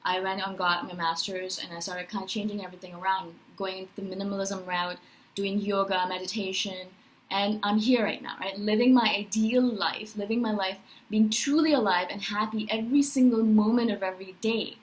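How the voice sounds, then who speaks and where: A woman in her thirties talking in a personal spiritual vlog, animated and emphatic, often checking in with "right?". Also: medium pitch, brisk, slight background noise, rough recording. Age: 30s. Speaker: vlogger.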